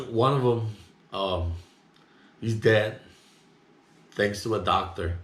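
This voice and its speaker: Indignant low-voiced man, rambling. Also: slow. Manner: rambling, indignant, talks loud. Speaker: vlogger. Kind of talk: casual monologue, recounting an incident. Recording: roomy echo.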